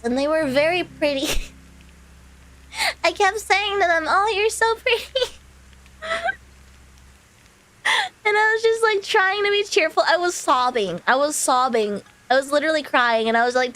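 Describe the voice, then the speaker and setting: A woman's voice: high-pitched, fairly bright tone, poor audio. A woman streamer telling a personal story in a casual, rambling way, full of fillers and small laughs. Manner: rambling, filler-heavy, with laughs between phrases.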